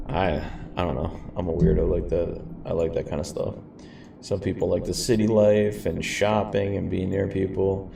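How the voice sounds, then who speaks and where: Low-voiced casual male streamer with a rambling manner, recorded a bit off-mic with faint hiss. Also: flat delivery, moderate pace, creaky. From grew up in a city. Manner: laid-back, rambling, says "man" and "guys". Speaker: flight sim streamer. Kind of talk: casual gameplay commentary. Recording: echoey room, mic far off, faint hiss.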